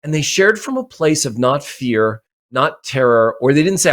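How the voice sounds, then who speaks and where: A man's voice: mid-range voice, lively intonation, moderate pace, fairly bright tone. A man speaking as a podcast guest and mindset coach, talking emphatically and repeating phrases for effect. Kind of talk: motivational interview talk.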